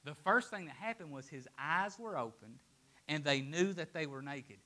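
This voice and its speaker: A man preaches a sermon with a bright, slightly high voice. He swings between loud, emphatic declarations and hushed, almost whispered lines. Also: animated, moderate pace.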